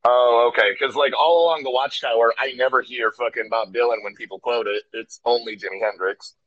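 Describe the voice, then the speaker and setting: A man's voice: medium pitch, fairly even intonation, brisk. Blunt, casual man on a dull line. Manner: blunt, swears freely. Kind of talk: casual chat. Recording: dull lo-fi sound.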